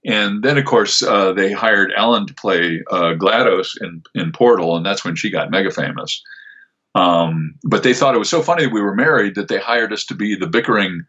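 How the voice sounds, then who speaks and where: A man's voice: on the low side, moderate pace, pushed and bright, slightly rough, dull audio. An older man, a voice actor, chatting in an interview with a rambling, restart-heavy manner. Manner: rambling, many fillers and restarts. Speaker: voice actor, guest. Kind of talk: casual interview answers.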